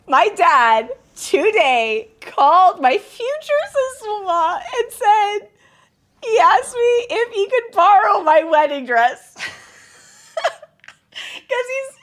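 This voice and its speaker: A woman streamer chatting casually, telling a story in an excitable, giggly way. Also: extremely high pitch. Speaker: game streamer. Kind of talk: casual chat.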